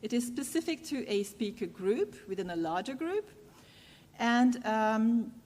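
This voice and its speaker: A woman's voice: fairly high pitch, very animated, darkish tone. Woman lecturing in a reverberant hall. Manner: measured, with frequent "uh" pauses. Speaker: university lecturer. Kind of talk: academic lecture.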